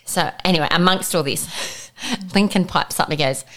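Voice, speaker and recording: A woman's voice: fairly low pitch, normal speed. A woman, co-hosting a podcast and telling funny family stories in casual chat. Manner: animated storyteller, laughs often. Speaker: podcast co-host.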